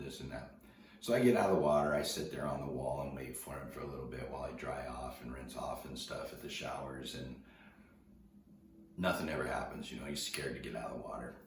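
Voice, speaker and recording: Very deep-voiced laid-back surfer man. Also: normal speed, a little hiss or hum. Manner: laid-back surfer slang, acts out dialogue. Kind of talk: casual storytelling talk. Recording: roomy, distant mic, faint ambience.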